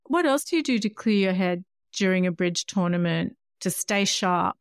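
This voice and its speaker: A woman's voice: fairly low pitch, animated, normal speed, smooth, no room sound, studio quality. A woman hosting an interview, asking brief, curious questions in a casual tone. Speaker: podcast interviewer.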